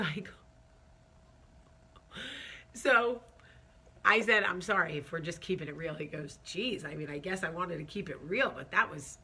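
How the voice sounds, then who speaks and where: A woman's voice: deep voice, sharp tone, husky. A woman hosting her own talk show, telling a story casually, chatty and candid with lots of fillers, sounding stressed and nervous. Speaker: vlog host.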